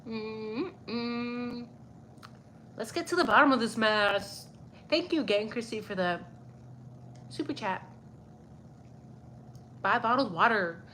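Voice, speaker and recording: A woman's voice: medium pitch, animated, a little slow, pauses often, sharp tone, a little hiss or hum. A young woman hosting a casual livestream, greeting viewers by name and swearing freely, a little stuffy-nosed. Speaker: livestream host. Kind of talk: casual livestream chat reading viewer comments.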